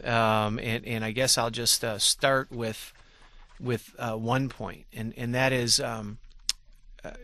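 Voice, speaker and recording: A Michigan man in his forties, a former legislator appearing as a radio guest, tells his story candidly with self-deprecating humor and frequent sentence restarts. His medium-pitched voice sounds pushed and bright, with no room sound.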